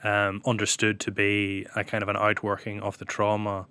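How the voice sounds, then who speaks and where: Crisp, flat-toned male interviewer. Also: lowish voice. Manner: probing, builds a question slowly. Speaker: books editor interviewer. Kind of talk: conversational interview.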